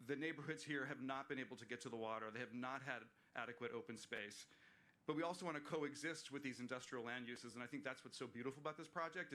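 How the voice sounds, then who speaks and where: A man's voice: medium pitch, bright, forceful tone. A man presenting plans at a community meeting, earnest and explanatory, with fillers and restarts. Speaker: park planner presenting. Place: waterfront venue, livestreamed meeting.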